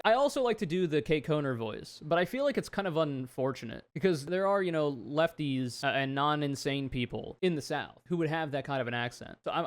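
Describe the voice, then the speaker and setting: A man giving a political commentary video in a sarcastic, profane, exasperated way. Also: on the high side.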